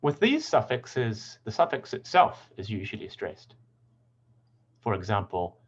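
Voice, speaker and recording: A man teaching English pronunciation, speaking in clear, deliberate tones and carefully sounding out example words. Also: on the low side, big pitch swings, highs cut off. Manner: clear, deliberate word demonstrations. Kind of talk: scripted lesson narration.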